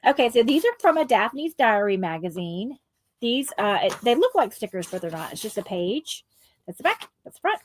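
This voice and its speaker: A woman's voice: on the high side, very animated, moderate pace, slight background noise. A woman chatting casually on a craft livestream, rambling with lots of ums and asides to her viewers.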